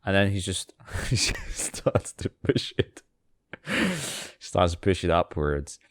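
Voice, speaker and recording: A man's voice: low-pitched, big pitch swings, slow. A man hosting a podcast, retelling a fairy tale with sarcastic, rambling asides and many fillers. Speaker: podcast host. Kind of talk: comic storytelling.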